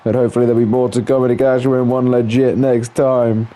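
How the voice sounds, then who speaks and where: A man's voice: medium pitch, flat delivery, quick pace, dark tone, slight background noise. A man giving casual play-by-play commentary over a video game, with frequent exclamations and filler words. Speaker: gameplay commentator.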